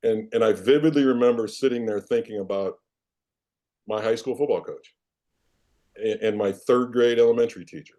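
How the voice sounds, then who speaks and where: A man in his fifties, a podcast guest, recounts old football stories in a mellow, warm voice that sits a little low. He tells them in an animated, self-deprecating way. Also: moderate pace, pauses often. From Iowa, United States. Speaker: interview guest, former football player and coach. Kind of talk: casual storytelling in a podcast interview.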